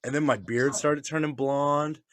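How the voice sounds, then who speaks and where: A man's voice: medium pitch, steady tone, unhurried, a bit bright, no room sound. A man telling stories in casual chat, swearing often, laughing, and acting out what others said. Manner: profane, laughing, acts out voices in stories. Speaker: podcast co-host.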